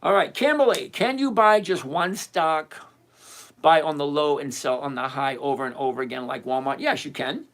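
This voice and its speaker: A man's voice: on the high side, normal speed, a bit bright. An older retired man hosting a live stream, chatting casually and emphatically as he answers viewers by name. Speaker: livestream host answering viewer questions.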